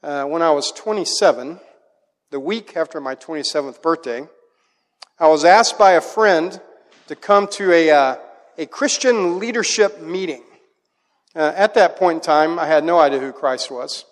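A middle-aged man with a high, bright speaking voice preaches to a congregation, weaving personal stories into his sermon. He tells them with lively energy, and his words ring out with a long hall echo. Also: moderate pace. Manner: animated storytelling, acts out a child's voice in quotes. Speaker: pastor.

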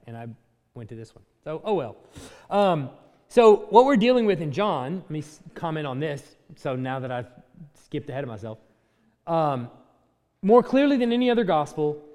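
A man delivering a sermon with a lively, rising and falling voice. He moves from reading scripture to relaxed teaching full of asides, and his words ring with the long reverb of a church hall. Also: mid-range voice. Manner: reads scripture aloud, then teaches in a loose conversational way. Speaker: pastor.

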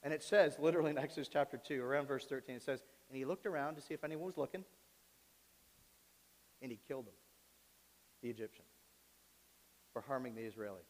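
A male pastor preaching a sermon, swinging between quiet asides and loud, pleading outbursts. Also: medium pitch, quick pace, pauses often. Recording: long reverb of a large hall.

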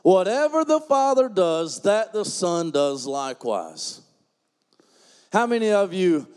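A man preaching a sermon as pastor, folksy and joking, swinging from quiet asides to loud emphatic preaching. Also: sits high, big-room sound.

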